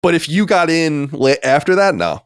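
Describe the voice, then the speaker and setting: A man's voice: fairly high pitch, big pitch swings, moderate pace, smooth, dry recording, clean studio sound. An American man hosting a podcast in casual, rambling chat, emphatic and swearing freely. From United States. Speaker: podcast host.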